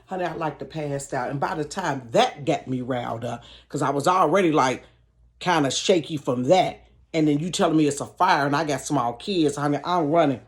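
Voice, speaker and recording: A woman vlogger telling a story to her viewers in a casual, animated way, often laughing. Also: deep voice, normal speed. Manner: animated, chatty, frequent laughter, addresses viewers. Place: bedroom.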